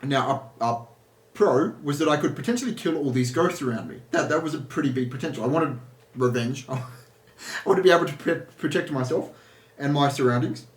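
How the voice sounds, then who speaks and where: A man's voice: a little high, a little fast, roomy sound. A man talking casually as an energy healer, rambling with restarts and asides. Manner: rambling, with many restarts and laughs. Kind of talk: casual spoken monologue.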